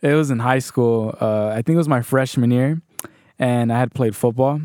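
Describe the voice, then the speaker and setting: A man's voice: medium pitch, moderate pace, darkish tone, smooth, no room sound. A man casually telling a story on a podcast, rambling and swearing freely.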